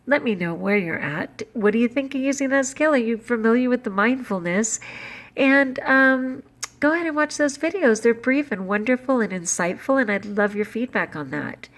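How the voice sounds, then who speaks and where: A middle-aged woman vlogging casually to camera, candid and animated, with lively jumps in pitch. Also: normal speed.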